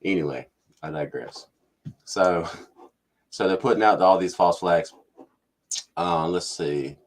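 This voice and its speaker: A man's voice: low voice, takes it slowly. A man hosting casual political commentary, ranting and mimicking officials. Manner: ranting, mocks officials in put-on voices. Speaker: commentary channel host.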